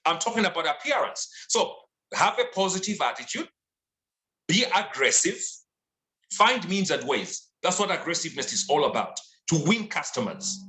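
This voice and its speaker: Animated, bright-voiced man exhorting. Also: high-pitched, echoey room, low-quality recording. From Zambia. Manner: emphatic, repetitive exhortation. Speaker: sales and leadership trainer, guest speaker. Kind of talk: motivational talk.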